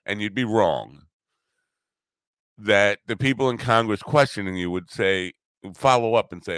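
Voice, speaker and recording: Profane, ranting low-voiced man. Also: a little slow, fairly bright tone, smooth, no room sound. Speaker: podcast host. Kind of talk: opinionated podcast monologue.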